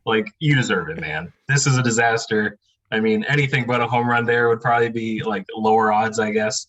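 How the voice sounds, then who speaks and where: Podcast guest: easygoing man with a lowish voice, wry and rambling. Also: brisk, fairly bright tone, lo-fi sound. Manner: laid-back, wry, rambling with many fillers. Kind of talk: casual podcast chat.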